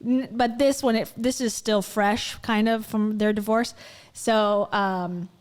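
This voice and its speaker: A woman's voice: medium pitch, steady tone, slow pace, clear, resonant tone. A woman hosting a livestream, chatting casually and with amusement as she reacts to a video. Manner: chatty and amused, with many fillers. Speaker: livestream host.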